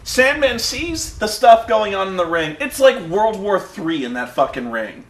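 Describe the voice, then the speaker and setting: A man co-hosting a podcast, telling wrestling stories in casual, profane chat and acting them out with shouted impressions. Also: high voice, big pitch swings, unhurried, hardly any pauses, echoey room. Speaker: podcast co-host.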